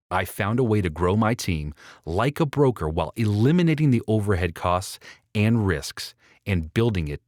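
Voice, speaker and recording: Recorded cleanly in a studio without echo, a man with a lowish voice narrates his own audiobook. He speaks directly to the listener in a persuasive way.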